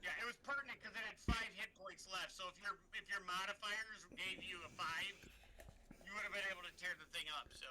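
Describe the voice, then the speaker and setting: A man running a tabletop game as game master, describing the action in lively, vivid scenes. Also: high-pitched, brisk, crowd noise, low-quality recording. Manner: lively, vivid scene-painting with acted sound effects.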